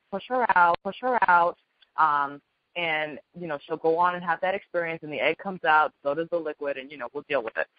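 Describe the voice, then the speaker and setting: Woman, spiritual healer hosting a call; gentle, earnest, repetitive; muffled lo-fi dry audio. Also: sits low, no room sound. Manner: gentle, earnest, repeats key phrases. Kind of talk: spoken teaching on a group call.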